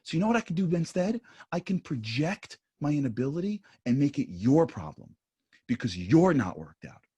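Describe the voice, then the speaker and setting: Panel speaker, male, husky, lively pitch, emphatic. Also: moderate pace. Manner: animated, emphatic, drops to soft asides. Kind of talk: impassioned panel talk.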